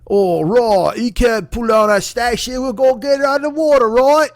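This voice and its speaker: A man putting on a loud, jeering voice for a gang of lads hauling a statue out of the water. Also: extremely high pitch, moderate pace, no echo, clean studio sound, voice pushed up.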